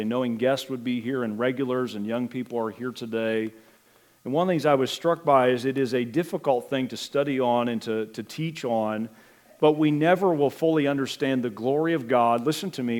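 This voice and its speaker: With a mid-range voice and a measured, earnest delivery, a middle-aged man preaches as pastor. A handful of hesitant fillers break up his speech.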